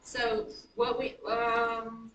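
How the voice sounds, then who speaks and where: A woman teaching a high school writing class, chatty and self-correcting as she taps out rhythms aloud. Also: completely flat delivery, drawn-out words, a bit bright. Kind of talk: classroom lecture. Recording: roomy classroom from a distance, faint noise.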